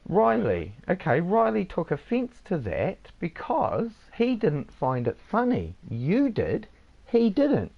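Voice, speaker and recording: A man's voice: high voice, huge pitch swings, takes it slowly, vocal fry. A man streaming a game, casually lecturing his listener in a rambling, swearing way with lots of "mate". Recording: dull lo-fi sound.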